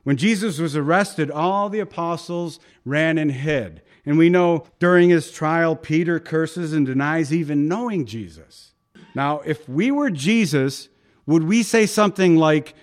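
A man preaching a sermon as pastor, lively and conversational, acting out quotes and laughing along. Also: a little high, measured pace.

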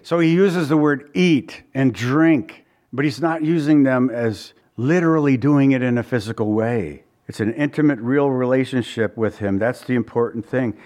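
Male pastor, mid-pitched, chatty sermon delivery with asides. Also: normal speed, few pauses, darkish tone. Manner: conversational preaching with asides and chuckles.

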